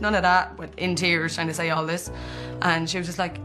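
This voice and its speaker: A young Irish woman recounting a story in a lively way during a documentary interview. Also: lowish voice, brisk, over music.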